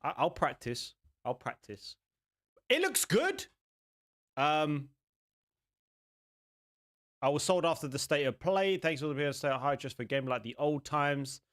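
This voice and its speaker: A young man hosting a gaming channel, chatting casually and excitedly as he reacts to game trailers in a rambling, jokey way. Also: fairly high pitch, unhurried.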